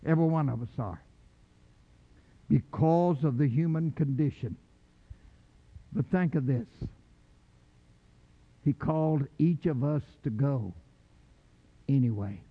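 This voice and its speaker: An older man preaching a sermon with fervor, swinging from low quiet lines to shouted calls. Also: takes it slowly, pauses often, breathy edge. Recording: muffled, echoey hall.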